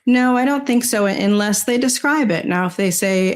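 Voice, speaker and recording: An older woman talking as an interview guest, rambling casually with many "you know"s and soft laughs. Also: mid-range voice, fairly even intonation, moderate pace, few pauses. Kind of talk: casual conversation.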